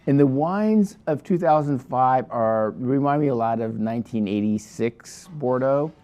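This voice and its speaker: A man's voice: medium pitch, expressive, measured pace, warm tone. A man presenting a wine for his shop in a casual, rambling review full of digressions and restarts.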